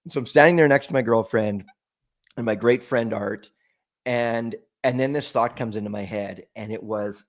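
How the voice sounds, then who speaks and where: Speaking at a medium pitch, a man appears as a podcast guest and recounts something personal and emotional. He falters as he goes, frequently starting over and doubling back on words.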